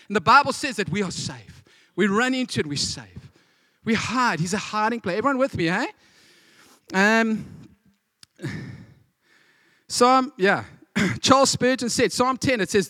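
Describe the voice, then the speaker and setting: Male pastor, high-pitched, dry close sound, animated sermon delivery. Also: no echo. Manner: animated, acts out scenes with voices.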